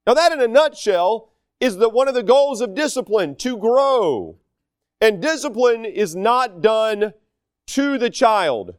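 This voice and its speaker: A man preaching a sermon, telling stories in an animated, self-deprecating way. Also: very high-pitched, measured pace, clean tone, dry recording, clean studio sound.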